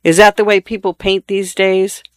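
A sullen husband with nothing to do but drink, blunt and surly in every short reply, as a male reader plays him. The voice is a bit high for a man, and it sounds dry and close. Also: flat delivery, normal speed, clear, resonant tone, no echo, natural voice.

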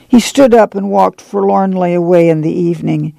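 A man reads a novel aloud for radio, his narration plain and even. His voice is heavily gravelly and dark, fairly high for a man, and sits close and dry on the mic. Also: moderate pace, no room sound, low-quality recording. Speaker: audiobook reader.

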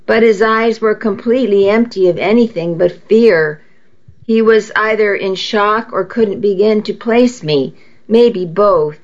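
A woman reading a first-person novel aloud in a measured, intimate storytelling manner, heard on a dull lo-fi recording. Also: mid-range voice. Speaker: audiobook narrator.

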